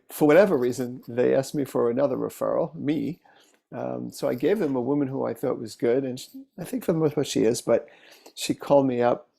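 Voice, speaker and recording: A male therapist talks through cases in a relaxed, unhurried way. His voice is mellow and dark with a gravelly texture and sits at a mid pitch. He speaks casually, pausing on fillers and restarting sentences. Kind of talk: casual teaching talk with case stories.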